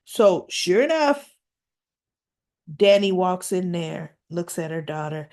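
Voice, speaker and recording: A woman's voice: lowish voice, lively intonation, takes it slowly, darkish tone. A woman chatting through a casual recap of a soap opera episode, tossing in tag questions and acting out what the characters said. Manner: retells scenes by acting out quoted lines.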